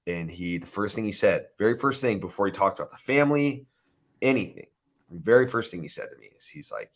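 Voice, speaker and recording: A man in his thirties, an interview guest, telling a painful personal story in a halting, emotional way with many restarts. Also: sits low, lively intonation.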